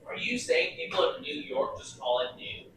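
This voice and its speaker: Deadpan man heard from across the room. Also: normal speed. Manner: dry, deadpan teasing. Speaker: cooking companion. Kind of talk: casual banter. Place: home kitchen. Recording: distant, echoey, noisy kitchen pickup.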